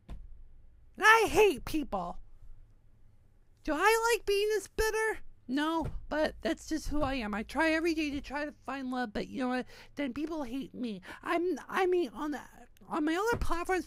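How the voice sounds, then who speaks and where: A woman's voice: sits high, no room sound. A woman in her thirties, from New Hampshire, ranting bitterly in a rambling, profane monologue full of restarts. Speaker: online community founder.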